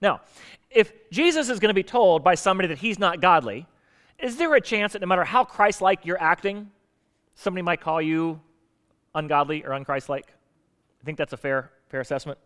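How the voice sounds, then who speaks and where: A man's voice: high voice, a little fast, fairly bright tone. A man preaching a conversational sermon, emphatic, with rhetorical questions and repetition.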